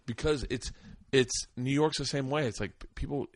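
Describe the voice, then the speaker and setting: A middle-aged podcast host chats casually, telling rambling, profane stories and acting out the people in them. His medium-pitched voice moves at a moderate pace, recorded dry with clean studio sound.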